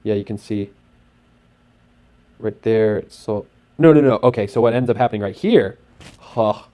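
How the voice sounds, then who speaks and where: A man narrating casually over his screen as host, talking in an excitable, rambling way with lots of fillers. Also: on the low side, a little slow, lo-fi sound. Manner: acts out sound effects and his own thoughts.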